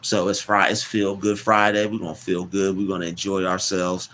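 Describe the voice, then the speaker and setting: A man hosting a casual live stream, rambling, repeating words and giving shout-outs to chat. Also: deep voice, flat delivery, moderate pace, slight background noise.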